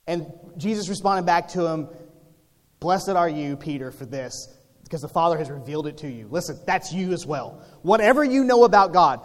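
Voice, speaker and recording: A man's voice: high-pitched, long reverb tail. A man preaching a sermon as pastor, in a conversational style with rhetorical questions and humor.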